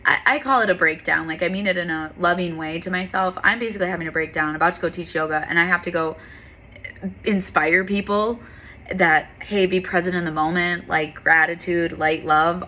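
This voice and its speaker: A woman's voice: fairly low pitch, moderate pace, pushed and bright. A woman who teaches yoga, talking candidly and earnestly in a casual motivational monologue. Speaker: yoga and fitness instructor.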